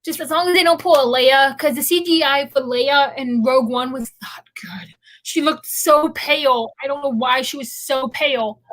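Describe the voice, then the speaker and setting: A woman's voice: high-pitched, moderate pace, fairly bright tone, rough recording. A young woman hosting a casual livestream chat, rambling and chatty as she drifts off on tangents. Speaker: host.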